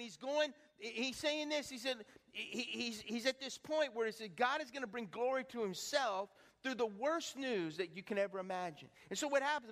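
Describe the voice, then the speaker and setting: A man preaching a sermon as pastor, asking the congregation rhetorical questions in an animated way. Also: extremely high pitch. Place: church hall. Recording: long hall reverb.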